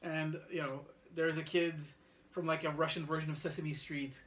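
A man's voice: a little high, normal speed. A man co-hosting a podcast, telling a family story in casual chat and acting out the lines of the people in it. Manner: animated storyteller, acts out his son's lines. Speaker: podcast co-host.

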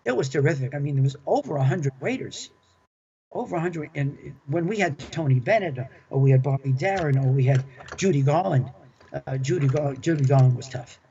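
A man's voice: on the high side, expressive, brisk, vocal fry, mellow, a little hiss or hum. An older man telling stories from his working life in an interview, chatty and enthusiastic, often repeating himself. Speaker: interview guest, former club manager. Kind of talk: storytelling reminiscence. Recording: dull lo-fi recording.

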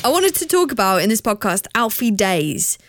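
On her casual solo podcast, a young woman from southern England with a slightly posh southern accent chats candidly and swears freely. Her mid-range voice is very animated, at a moderate pace, over music.

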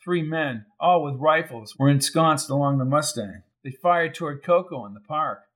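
A man reading a crime novel aloud in even, measured scripted narration. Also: on the high side. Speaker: audiobook narrator.

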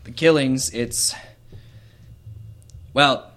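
A man voicing an old, nearly blind male gnome seer who speaks in a grave, halting way. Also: mid-range voice, steady tone, a bit bright.

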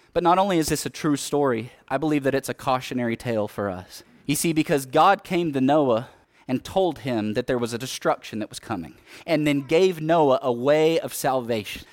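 A man preaching a sermon, telling a vivid story in the second person, moving from urgent pleading to hushed, grave tones. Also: mid-range voice.

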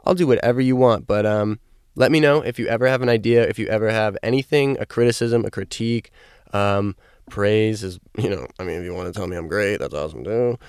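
A young man rambling casually and upbeat through a solo podcast, with plenty of fillers, and he is high. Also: fairly quick, darkish tone, clear, resonant tone, no echo, clean studio sound. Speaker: podcast host.

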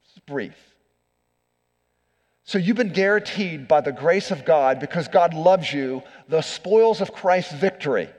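Pastor, middle-aged man, slightly high voice, earnest sermon delivery with loud and hushed turns, long church reverb. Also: expressive, unhurried. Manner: earnest preaching, swings from loud emphasis to hushed. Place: church sanctuary.

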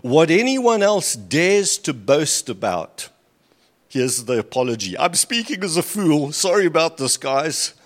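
A male preacher with a somewhat high voice that swoops widely as he talks. He reads scripture aloud with rising emphasis and drops into dry, sarcastic asides, speaking into a lectern mic. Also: very animated, a little slow. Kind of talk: sermon with scripture reading. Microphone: handheld or stand mic at a lectern.

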